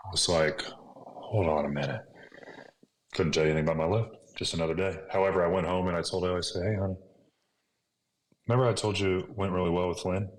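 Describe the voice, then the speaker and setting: A man's voice: deep voice, fairly even intonation, very fast. A man in his thirties, a podcast guest, earnestly retelling a personal story and dropping into whispers for remembered thoughts. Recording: echoey room with faint noise.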